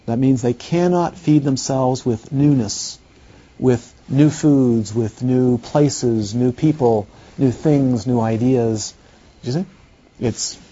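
A male meditation teacher giving a dharma talk at a slow, easy pace. His voice is mellow and a little husky, and it rises and falls a lot. The recording is dull and lo-fi. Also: medium pitch. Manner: unhurried, playful, asks the listeners questions.

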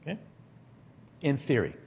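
A man's voice: measured pace, a little mellow. A man with a British accent, a meditation teacher giving a conversational teaching talk to a retreat group, full of anecdotes. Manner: conversational, anecdotal, acts out quoted complaints.

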